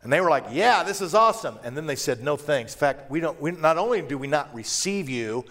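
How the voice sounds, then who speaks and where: Guy preaching a sermon, fairly high voice, gets loud then drops to almost a hush. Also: animated, fairly quick, few pauses. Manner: impassioned, swings between loud emphasis and hushed tones. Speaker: pastor.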